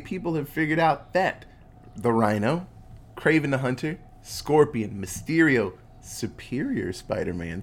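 A podcast co-host giving an excitable, profane, casual movie recap. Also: mid-range voice. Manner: excitable, profane, laughing often.

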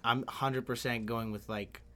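A man's voice: mid-range voice, fairly even intonation, unhurried, sharp tone, slight background noise. A man co-hosting a podcast in casual chat, often drawn out and swearing as he steers the questions. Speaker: podcast co-host.

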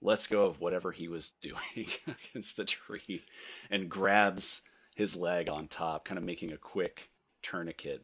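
A young man running a tabletop game, relaxed and hesitant with many fillers. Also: deep voice, husky. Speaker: game master.

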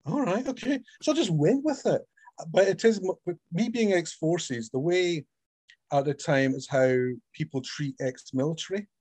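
A middle-aged Scottish man talks about his writing in an interview and tells stories with animation. His voice sits a little high for a man. The recording is dry and close, with no room echo. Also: normal speed, slightly rough. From Scotland. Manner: animated storyteller, acts out quoted voices. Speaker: author guest. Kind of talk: casual interview chat.

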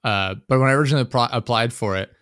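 A man's voice: medium pitch, rapid-fire, a bit bright, clean tone, no room sound, studio quality. A young man co-hosting a podcast, telling work stories in a loose, ranting way, swearing often and laughing as he talks. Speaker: podcast co-host. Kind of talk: casual chat.

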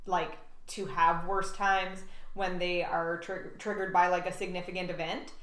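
A woman's voice: on the low side, level tone, a little slow, a bit bright. A woman co-hosting a podcast, chatting casually and often filling with like and um. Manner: talks with many likes and ums. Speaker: podcast co-host. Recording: roomy.

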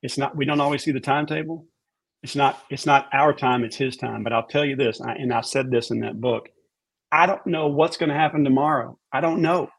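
A man's voice: mid-range voice, steady tone, brisk, vocal fry, fairly bright tone. A man as a podcast guest, giving a heartfelt faith testimony and repeating words for emphasis.

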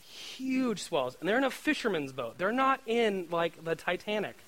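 A man giving a casual sermon in a chatty, joking way, often asking "right?" and getting louder and higher when excited. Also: moderate pace, rough recording. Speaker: preacher.

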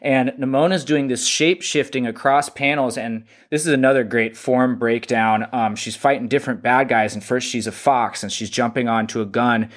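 A man's voice: medium pitch, steady tone, moderate pace, few pauses. A man co-hosting a casual chat, enthusiastically retelling scenes from a comic in detail. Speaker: podcast co-host.

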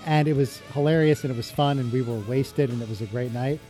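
Mellow-voiced man in casual chat. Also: mid-range voice, steady tone, quick pace, faint music behind. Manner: dry, joking, conversational. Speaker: podcast co-host. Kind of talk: casual chat about music.

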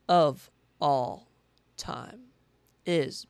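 Gravelly young man rambling enthusiastically. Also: high voice, normal speed, fairly bright tone, dry recording. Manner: enthusiastic, rambling, self-correcting. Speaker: podcast host. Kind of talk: solo casual chat.

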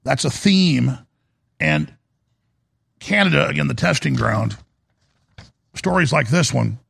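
Gravelly-voiced man hosting a broadcast. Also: medium pitch, big pitch swings, slow pace, fairly bright tone, no echo, clean studio sound. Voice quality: gravelly and husky. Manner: rambling, with restarts and sudden emphatic rises. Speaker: host of a live broadcast. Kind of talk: monologue commentary. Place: broadcast studio.

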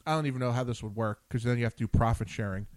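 A man's voice: mid-range voice, racing, darkish tone, no echo. A man hosting a chat show, telling a long story with lots of swearing and acted-out quotes. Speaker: show host. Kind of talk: casual chat.

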